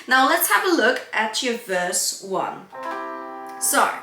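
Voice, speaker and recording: A woman singer and vocal coach teaching a singing lesson in an upbeat way, switching into light breathy sung examples. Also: fairly high pitch, big pitch swings, takes it slowly, over loud music. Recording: echoey room.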